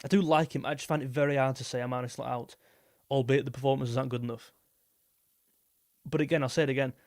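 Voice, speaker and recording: A man's voice: medium pitch, fairly even intonation, quick pace, a little mellow, no room sound, clean studio sound. A young man hosting a live football stream, chatting casually and rambling as he reads out viewer messages. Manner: rambling, repeats himself, reads super chats aloud.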